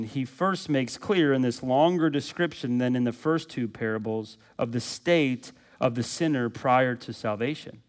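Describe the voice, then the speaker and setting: A man preaching a sermon as pastor, stressing points through repetition and questions to the congregation, swinging between loud high urgency and low quiet stretches.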